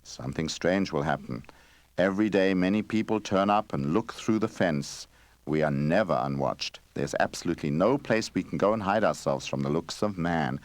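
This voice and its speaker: A man voicing an old wandering male bear in a storybook game who talks loudly and plainly. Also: low-pitched, moderate pace, no echo, natural voice. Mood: grave.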